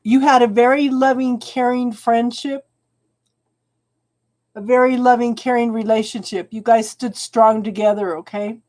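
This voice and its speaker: A tarot reader with a slightly high voice speaks at a measured pace and with fairly even intonation during a live session. Chatting warmly and calling viewers hon, she becomes emotional and tearful over the cards.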